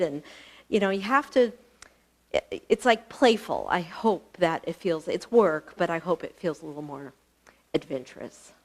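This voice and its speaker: A woman teaching a live online yoga class, chatty and encouraging, laughing often and a little out of breath. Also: mid-range voice. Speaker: yoga instructor. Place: fitness studio.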